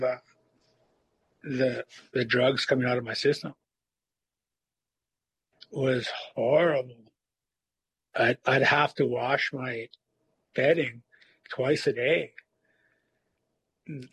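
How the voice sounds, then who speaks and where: A man in recovery telling his personal story in a halting, reflective way, with many fillers and restarts. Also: medium pitch, fairly bright tone, slightly rough, rough recording. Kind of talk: personal testimony.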